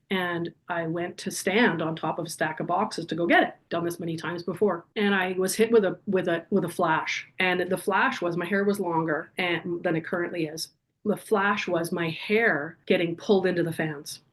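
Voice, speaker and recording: Guest, middle-aged woman, lower register, earnest and vivid storyteller. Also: steady tone, normal speed. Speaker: podcast guest. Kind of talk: personal storytelling in an interview.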